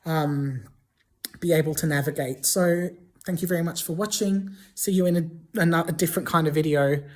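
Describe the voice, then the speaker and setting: A woman with a slightly low voice talks casually to camera as a language vlogger. She hesitates a lot, with fillers and restarts. English is not her first language. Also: darkish tone. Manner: halting, many fillers and restarts.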